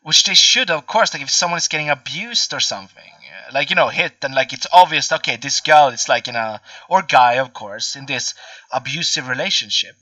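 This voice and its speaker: A man's voice: mid-range voice, a little fast, sharp tone, no room sound, recorded from a distance. A man in his twenties chatting casually as a podcast host, rambling and swearing with many fillers. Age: 20s. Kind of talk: casual chat.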